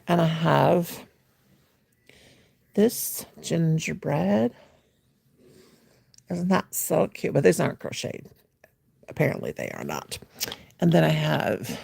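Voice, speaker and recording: On a clean, dry studio-quality recording, a woman with a lowish, slightly mellow voice, vocal fry and a breathy edge hosts a late-night livestream from home. Playful and teasing, she rambles, greets viewers by name and mimics a gushing voice.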